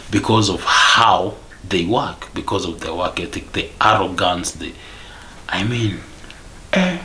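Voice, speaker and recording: Low-pitched and pushed, with a bright edge, this Kenyan-accented man vents to camera in a vlog amid slight background noise. He hammers his points repeatedly, mixing Swahili into his English.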